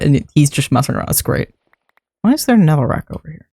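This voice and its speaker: A young adult streamer talks through a building session in a loose, rambling way, laughing often and swearing casually. The voice sits at a middling pitch. It is recorded close on a desk mic with a dry sound and no room echo. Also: big pitch swings, fast, gravelly, mellow, husky. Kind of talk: casual livestream chat while building in a game.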